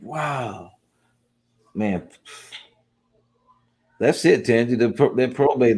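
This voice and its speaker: A man's voice: medium pitch, lively intonation, slow pace, pauses often, a little mellow. A man hosting a live webinar, chatty and affirming, telling stories of cold calls. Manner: chatty, affirming, laughs along. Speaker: host.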